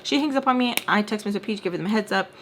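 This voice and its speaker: A woman's voice: medium pitch, quick pace, noisy background. Chatty young woman telling a storytime. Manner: chatty, exasperated retelling with quoted back-and-forth. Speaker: storytime vlogger. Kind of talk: casual storytime while doing makeup.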